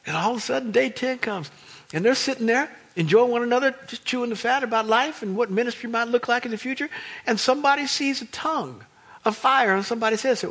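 A man with an American accent preaching a sermon, telling the story in an animated way and acting out the voices of the people in it. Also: very high voice, brisk, breathy edge. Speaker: pastor.

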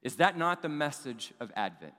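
A man's voice: mid-range voice, sing-song, moderate pace, bright, forceful tone. A man preaching a sermon as a pastor, earnest and building with emphasis, often posing rhetorical questions. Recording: long reverb of a large hall.

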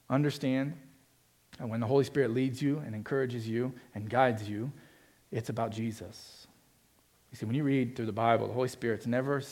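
A man preaching a sermon as pastor, earnest and emphatic, swinging between forceful stretches and quiet ones. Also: medium pitch.

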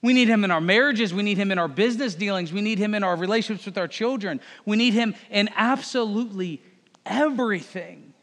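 A man's voice: high-pitched, fairly quick, fairly bright tone. A man preaching a conversational sermon, talking straight to his congregation. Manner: direct, conversational, addresses congregation as folks and y'all. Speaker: pastor. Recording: long hall reverb.

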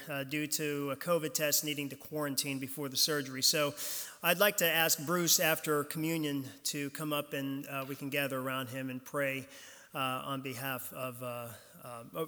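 Bright-voiced male pastor in a reverberant church. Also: medium pitch. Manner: conversational, informal preaching. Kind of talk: sermon. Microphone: pulpit mic. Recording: long hall reverb from the church.

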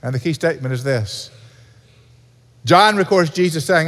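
A pastor delivering an earnest sermon in a church, repeating key points for emphasis. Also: male voice, on the high side, lively intonation, fairly quick, gravelly, long pauses, a bit bright. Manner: earnest preaching with repetition. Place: church sanctuary. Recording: reverberant hall.

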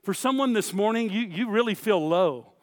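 A man preaching a sermon in a high, light voice, pressing his points with repeated phrases and speaking straight to the congregation. His words ring out with a long reverb in a large hall. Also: animated, moderate pace. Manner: emphatic preaching with repeated phrases and direct address. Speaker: pastor.

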